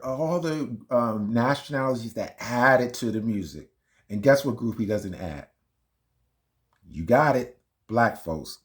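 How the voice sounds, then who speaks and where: A man hosting a reaction video, talking casually and arguing emphatically between clips. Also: mid-range voice. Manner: emphatic, argumentative, fumbling with playback. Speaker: commentary channel host.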